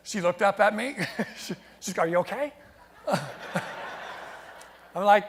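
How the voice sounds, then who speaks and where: Speaking slowly with frequent pauses, an American man whose slightly rough voice sits high gives a lively motivational keynote to a live audience. Through stories and call-and-response he gets the crowd involved, while laughter and replies echo through the big hall's long reverb.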